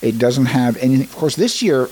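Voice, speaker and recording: A man behind a community radio microphone, reading local notices and then drifting into loose, rambling chat. He pauses with fillers and restarts sentences as he goes, in an ordinary mid-range voice. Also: medium pitch, lively intonation, mellow, slightly rough, poor audio. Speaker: radio host. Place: radio studio.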